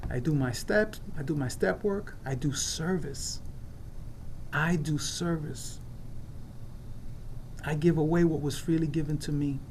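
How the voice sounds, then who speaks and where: A man's voice: a little high, unhurried, pauses often, darkish tone, a little hiss or hum. A man from New York giving an earnest personal share at an online recovery meeting, repeating phrases for emphasis. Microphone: video call.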